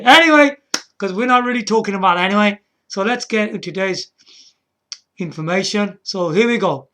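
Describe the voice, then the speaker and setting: Slow-talking, rambling gaming host. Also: male voice, high voice, sharp tone. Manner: rambling, chatty, often asks the viewer "yeah?" and "man"; frequent restarts and chuckles. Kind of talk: casual rambling commentary.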